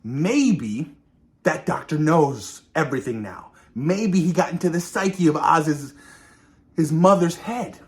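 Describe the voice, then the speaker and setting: A man hosting a reaction video, reviewing a TV episode in a casual, excited way, often calling out to viewers and acting out characters' lines. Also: a little high, slow. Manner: animated, addresses viewers as "you guys", acts out characters' lines.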